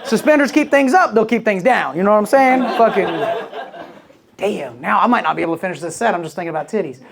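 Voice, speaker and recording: Fast and expressive, this man's high, creaky voice carries a crude, meandering comedy routine full of stories and impersonated quotes. The recording is live club audio from a comedy club, with the audience laughing in the background.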